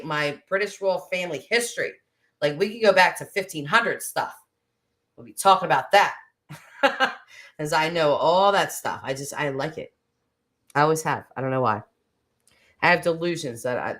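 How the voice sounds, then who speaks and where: A woman's voice: low-pitched, fairly bright tone. A woman hosting a casual livestream chat, gushing and chatty, wandering off on tangents and laughing often. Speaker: host.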